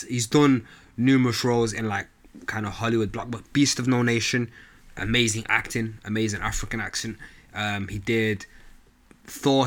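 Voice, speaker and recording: A man's voice: lowish voice, fairly bright tone. A young man, talking casually to camera in a slangy, rambling opinion rant. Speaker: vlogger.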